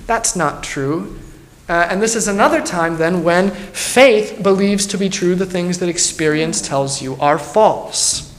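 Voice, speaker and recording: A man's voice: high voice, a little slow. A man, a pastor, teaching a Bible study in an earnest, emphatic way and thinking aloud as he goes. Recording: roomy echo.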